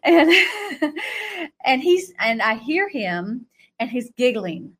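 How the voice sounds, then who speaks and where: A middle-aged woman telling a story in an animated way, laughing often and jumping to a high voice when she acts out reactions. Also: slow pace. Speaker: guest recounting a vision.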